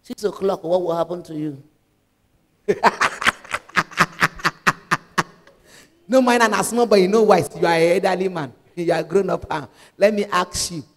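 Nigerian woman preacher, deep-toned for a woman, animated and emphatic, long hall reverb. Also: brisk. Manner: animated preaching, mixing in Pidgin. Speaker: evangelist. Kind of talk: sermon.

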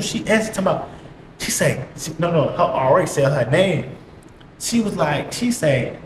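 A man's voice: fairly high pitch, normal speed. Slangy young man in an echoey room. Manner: slangy, profane, animated retelling with repeated catchphrases. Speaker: vlogger. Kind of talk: casual storytime monologue. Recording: echoey room, faint hiss.

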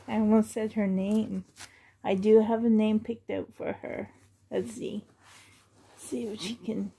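A woman's voice: mid-range voice, creaky, warm tone, slight background noise. A woman vlogging as she unboxes a reborn doll, gushing fondly and often dropping to half-whispered asides. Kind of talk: unboxing vlog chat.

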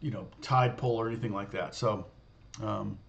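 A man's voice: lowish voice, moderate pace, gravelly, muffled recording, slight background noise. A man telling a personal story in a casual, rambling way, full of restarts and fillers. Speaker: guitar teacher.

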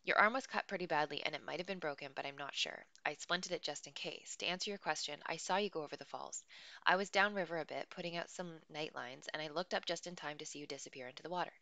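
A woman reading the lines of a firm, practical woman who rescued a boy from a river, in a clear, low-pitched, crisp voice. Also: quick pace, sharp tone, no echo. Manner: firm but not nasty, plain and practical. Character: tall firm adult woman rescuer in the wild.

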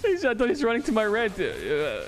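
A man's voice: high-pitched, huge pitch swings, brisk, faint music behind. Exasperated young man streaming gameplay. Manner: exasperated, swearing, laughing at teammates. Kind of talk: live-streamed gameplay commentary.

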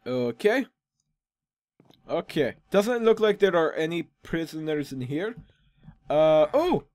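A man's voice: a little high, sing-song, a little slow, darkish tone, no room sound. A young man chatting casually through gameplay commentary, joking and teasing himself. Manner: chatty, self-mocking, jokey asides. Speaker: gaming channel host.

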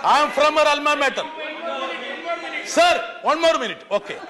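A man's voice: very high voice, lively intonation, moderate pace, crowd noise. A middle-aged man with an Indian English accent giving an impassioned parliamentary speech, constantly addressing the chair as "sir" and building rhetorical lists. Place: large legislative chamber. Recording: echoey chamber with long reverb.

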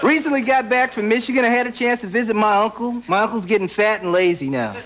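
A young man doing stand-up comedy with wry, deadpan asides, acting out the people he talks about. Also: high voice, fast talker. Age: young adult. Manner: wry, deadpan asides, acts out quoted characters. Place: stage before a live audience. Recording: dull lo-fi TV broadcast, loud crowd and noise.

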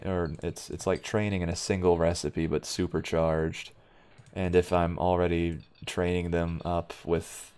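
Young male gaming host, deep and gravelly, dry offhand muttering over keyboard clicks. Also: a little mellow. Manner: offhand, wry muttering while playing. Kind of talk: let's play commentary.

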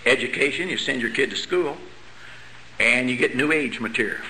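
A man's voice: mid-range voice, moderate pace, pushed and bright, a little hiss or hum, poor audio. A middle-aged man giving a lecture-style sermon, emphatic, hammering key words and dropping rhetorical questions and dry joking asides. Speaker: convention speaker.

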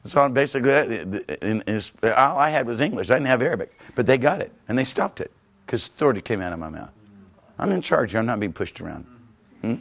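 A man, a pastor, preaching a teaching sermon with animated storytelling, laughing often and breaking into shouts. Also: mid-range voice, a little fast, vocal fry.

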